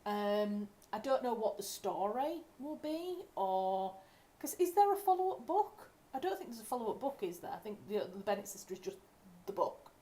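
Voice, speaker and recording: A woman's voice: mid-range voice, animated, moderate pace, hardly any pauses, mellow. A young woman from England, a writer hosting a casual livestream at home, talking in a chatty, rambling way and correcting herself as she goes. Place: home room.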